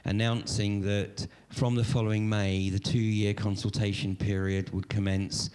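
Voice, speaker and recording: A man's voice: fairly low pitch, little pitch movement, a little slow, darkish tone, clean tone. An older man hosting an event, telling a casual anecdote on stage with lots of fillers. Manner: rambling, anecdotal, with frequent fillers. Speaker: event host and moderator.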